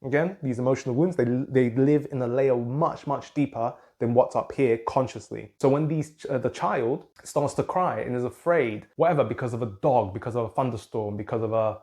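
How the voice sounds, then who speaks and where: A man's voice: mid-range voice, moderate pace, few pauses, darkish tone. A man coaching on anxiety, explaining earnestly and circling back to his points as he writes on a board. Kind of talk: explanatory talk to camera.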